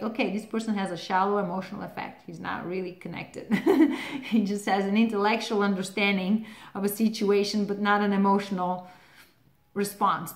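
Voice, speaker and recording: A woman hosting a relationship advice channel, talking casually to the camera, laughing often and using lots of "like" fillers. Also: medium pitch. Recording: roomy echo.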